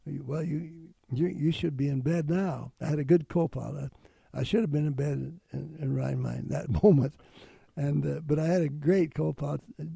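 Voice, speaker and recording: An older man, interviewed, telling a personal memory in a halting, earnest way. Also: on the high side, warm tone, no room sound. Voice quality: gravelly. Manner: halting, earnest storytelling with restarts.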